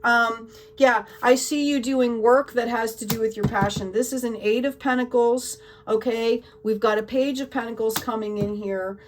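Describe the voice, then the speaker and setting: A woman's voice: fairly high pitch, steady tone, moderate pace, distant mic, a little hiss or hum, poor audio. A woman giving a tarot card reading to her viewers in an emotional, gushing way, often checking in with "okay?". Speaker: tarot reader.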